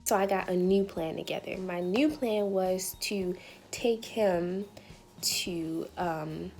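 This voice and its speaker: A young woman casually telling a story to camera, chatty and quick to laugh, acting out what people said, over faint music. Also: on the low side, a little mellow. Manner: chatty, laughing, acts out quotes. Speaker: vlogger.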